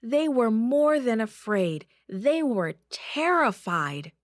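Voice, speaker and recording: A woman's voice: a little high, sing-song, slow, no room sound, clean studio sound. A woman reading a Bible story aloud over a video call, lifting her voice for dramatic moments.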